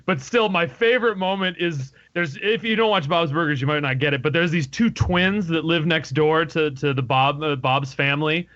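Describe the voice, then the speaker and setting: An eager man co-hosting a podcast, with a bright, forward voice pitched a little high for a man. He talks with excitement and laughs easily, and the audio is muffled. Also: moderate pace, few pauses. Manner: enthusiastic, laughs often, quotes lines. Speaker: podcast co-host. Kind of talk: casual podcast discussion.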